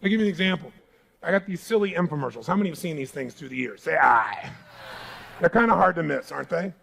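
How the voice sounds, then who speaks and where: A man with a high, gravelly voice delivers a motivational seminar speech on stage. He talks emphatically and keeps pulling the crowd in with call-and-response questions. His rough, grainy tone carries through every phrase. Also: expressive, very fast, a bit bright, poor audio. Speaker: motivational speaker. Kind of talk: live seminar speech to an audience. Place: large seminar hall.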